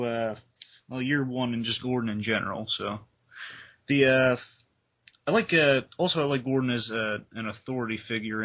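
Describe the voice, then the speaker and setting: A man's voice: on the low side, sharp tone, dull audio. A man in a casual review chat, enthusiastically retelling scenes and humming music cues. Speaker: co-host.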